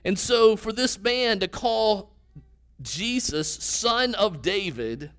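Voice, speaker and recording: Male preacher, high voice, conversational teaching delivery with questions to the congregation. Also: expressive, a little slow, a bit bright. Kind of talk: sermon.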